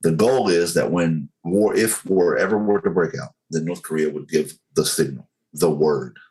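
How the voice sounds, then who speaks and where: A man's voice: deep voice, normal speed, a little mellow, low-quality recording. A man talking earnestly as a podcast guest, building his point with analogies and many fillers. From United States. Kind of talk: casual podcast conversation.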